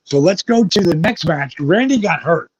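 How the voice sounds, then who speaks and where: With a husky, fairly high voice and lively intonation, an ex-pro wrestler spins wild stories as an interview guest, cursing freely and slipping into the voices of those he quotes at a moderate pace. The audio is dry, close and echo-free, with a dull lo-fi quality.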